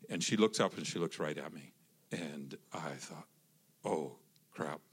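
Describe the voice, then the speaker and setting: A man telling a personal story in a casual, animated way, with lots of restarts and acted-out quotes. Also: very deep voice, moderate pace, slight background noise. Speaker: guest telling his love story.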